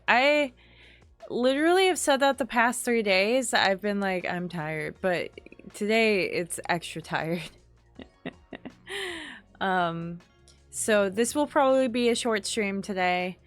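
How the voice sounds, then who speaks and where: Tired woman streamer, slow and drowsy. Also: medium pitch. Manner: slow, drowsy chatter with frequent laughs and sighs. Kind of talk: casual gaming stream chat.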